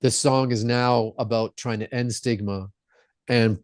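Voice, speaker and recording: A man's voice: mid-range voice, fairly even intonation, unhurried, clean tone, dry recording, clean studio sound. A man who is a rock singer, the guest on a podcast, telling stories in an earnest, reflective way. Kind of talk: casual interview storytelling.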